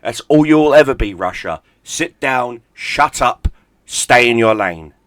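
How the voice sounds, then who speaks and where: A man's voice: medium pitch, animated, a little slow, fairly bright tone, no echo. A middle-aged man, a gaming YouTuber, in a heated, profane, sarcastic rant. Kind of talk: angry ranting commentary.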